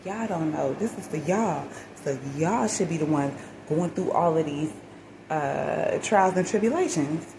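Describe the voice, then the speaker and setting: Casting note: woman vlogger, lower voice, dramatic storyteller, noisy recording. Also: a little slow, vocal fry. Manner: animated, dramatic retelling with quoted voices and religious exclamations. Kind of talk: casual storytelling vlog. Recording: noisy background hiss.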